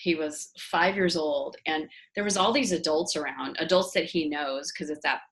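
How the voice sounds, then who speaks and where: Lively storytelling woman in her forties, slightly low. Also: moderate pace. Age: 40s. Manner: animated storyteller, acts out voices in anecdotes. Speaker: host. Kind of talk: casual interview chat.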